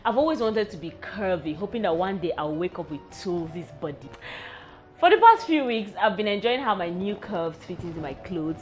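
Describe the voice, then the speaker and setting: A woman's voice: on the low side, very animated, fairly quick, soft background music. Frank, wry young woman vlogging. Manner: frank, wry and self-mocking. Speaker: vlog host. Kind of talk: candid personal vlog.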